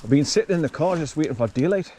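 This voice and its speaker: A man's voice: a little high, lively intonation, fast talker, warm tone, slight background noise. A man chatting casually to camera while walking his dog outdoors, breaking off to call the dog. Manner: chatty, talks to his dog between remarks. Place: outdoors on a rural walk.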